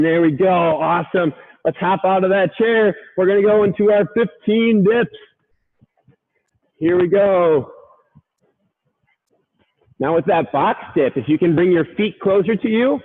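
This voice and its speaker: A man coaching a workout, upbeat, counting reps and urging listeners on, sometimes out of breath. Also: sits high. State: out of breath at times. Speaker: fitness coach. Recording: tinny phone-like sound.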